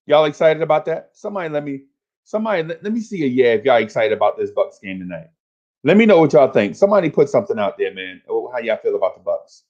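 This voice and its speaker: A man's voice: medium pitch, expressive, fast, darkish tone, muffled recording. A man hosting a fan livestream, talking casually and hyping up his chat in repetitive, slangy calls.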